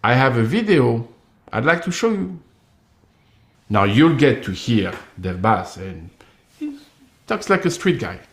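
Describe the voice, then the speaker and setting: A man's voice: mid-range voice, big pitch swings, measured pace, echoey room. Emphatic man with a tinged delivery. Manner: emphatic, accusatory, acts out others' replies. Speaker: commentator. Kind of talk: direct-to-camera monologue.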